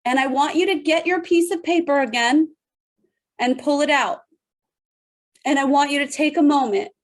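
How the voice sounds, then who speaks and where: A woman's voice: high-pitched, moderate pace. A middle-aged woman, a leadership speaker, giving an emphatic motivational talk to an online audience over a video call, speaking straight to listeners and repeating phrases for weight.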